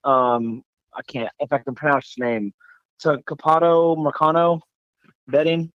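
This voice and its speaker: A man from Florida calling in to a sports radio show, hesitant and a little tired, with many pauses. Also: on the high side, no room sound, muffled recording. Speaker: caller. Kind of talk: casual phone call.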